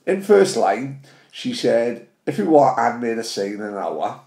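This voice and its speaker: A man's voice: mid-range voice, big pitch swings, a little slow, creaky, warm tone, echoey room. A man with a Swansea accent, hosting a podcast and telling sweary stories in casual chat. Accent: Welsh, Swansea. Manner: sweary storytelling, quotes others. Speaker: podcast host.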